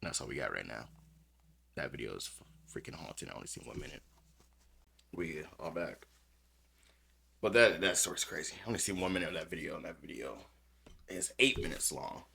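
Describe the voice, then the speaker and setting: A man's voice: rumbling low, very animated, brisk, vocal fry, pauses often, bright, forceful tone, a little hiss or hum. A man hosting a podcast, reading news stories aloud with small stumbles and commenting on them bluntly with plenty of cursing. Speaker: podcast host.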